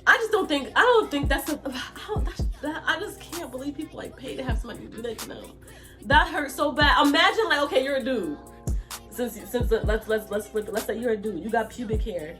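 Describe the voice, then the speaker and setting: A woman with a fairly high voice tells a story to her channel, and her pitch swings up and down all the time. She chats casually, breaks into laughter and restarts her sentences a lot. Soft music plays faintly behind her. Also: brisk. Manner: animated, laughing often, many restarts. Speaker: vlogger.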